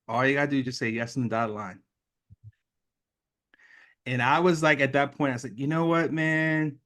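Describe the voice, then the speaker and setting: This is a man in his late thirties, a guest in an interview. He tells his story in an animated way. He slips into the voices of the people he quotes, and his pitch sits in the middle. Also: moderate pace.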